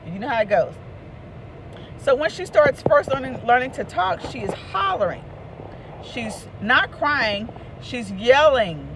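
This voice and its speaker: Woman, high lively storyteller voice, faint traffic behind. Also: unhurried. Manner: animated, hollers out quoted voices and laughs. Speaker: author and motivational speaker. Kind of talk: casual storytelling.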